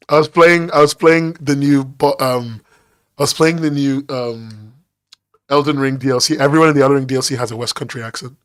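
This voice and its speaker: A man's voice: medium pitch, steady tone, normal speed, pauses often, clear, resonant tone. A man streaming while he draws, chatting casually in a neutral northeastern American accent, rambling and teasing. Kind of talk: casual chat while drawing.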